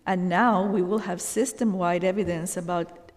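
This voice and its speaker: A woman giving a formal presentation to a university board, earnest and halting, with many ums and you knows. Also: lowish voice, fairly even intonation. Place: meeting room at a board session. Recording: long hall reverb.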